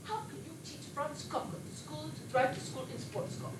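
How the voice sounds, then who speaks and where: An actress playing a sleepless Polish émigré actress who rambles and confides, with a Polish accent, recorded from a distance in an echoey room with noise behind. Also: female voice, high-pitched, brisk, close to an everyday voice. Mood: weary. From Poland. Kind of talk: film monologue.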